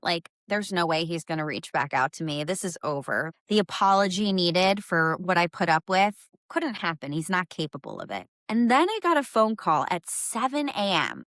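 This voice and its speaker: A young adult woman hosting a podcast tells a personal story candidly and conversationally, using casual fillers. Her voice is fairly low in pitch with a fairly bright tone, captured in a dry, clean studio recording.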